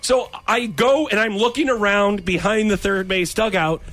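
A man co-hosting a radio show, telling a funny personal story in a casual, animated way and acting out his own lines. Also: high-pitched, moderate pace.

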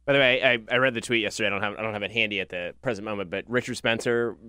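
A man appearing as a guest journalist on a political talk show, speaking quickly and offhandedly. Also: lowish voice, sharp tone, clear, resonant tone, no echo, clean studio sound.

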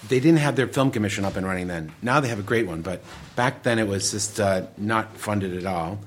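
A middle-aged filmmaker from the Detroit area, a man telling casual anecdotes with lively acted quotes. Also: fairly low pitch, a little hiss or hum. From Detroit area, USA. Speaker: filmmaker guest. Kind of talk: casual storytelling.

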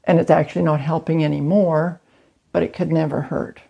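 A woman appearing as a guest expert, explaining calmly and with confidence. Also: low-pitched, brisk, vocal fry, breathy edge, highs cut off. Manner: calm, assured explaining. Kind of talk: interview answers.

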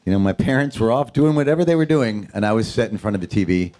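A man from Queens, an actor, chatting as a guest in a jokey, animated way and slipping into impressions. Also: fairly low pitch, fast. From Queens, New York. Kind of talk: casual interview chat.

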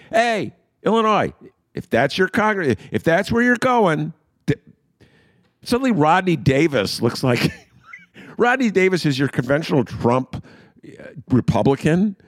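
A middle-aged man hosts a political podcast, sarcastically riffing on people and mocking their quotes in funny voices as casual commentary. His voice sits a little high with big pitch swings, he speaks slightly slowly with frequent pauses, and the recording is clean studio sound with no echo.

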